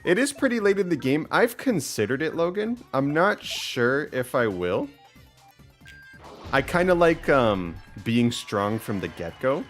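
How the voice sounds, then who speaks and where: A man's voice: medium pitch, big pitch swings, unhurried, faint music behind. A man chatting casually while streaming a game, upbeat and full of fillers. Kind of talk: let's play commentary.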